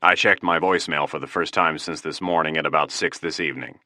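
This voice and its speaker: Man doing a calm, even-toned FBI agent. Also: a bass voice, brisk, no room sound, clean studio sound, exaggerated voice. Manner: even, composed.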